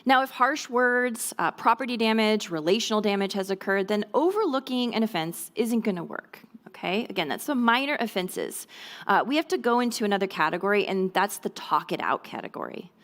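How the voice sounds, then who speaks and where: A woman's voice: medium pitch, lively intonation, a little fast, a bit bright. A woman giving a conversational church talk to mothers about resolving conflict with children, often checking in with "okay?" and "right?" and briefly acting out kids' lines. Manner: acts out children's voices in brief quoted lines. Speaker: speaker at a mothers' ministry talk. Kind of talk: church teaching talk on parenting.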